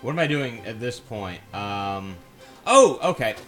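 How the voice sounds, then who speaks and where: A man streams a video game, offering casual let's-play commentary as he thinks aloud and pokes fun at himself. His voice is on the low side and a bit bright, with big pitch swings and a slightly slow pace, and faint music plays behind him.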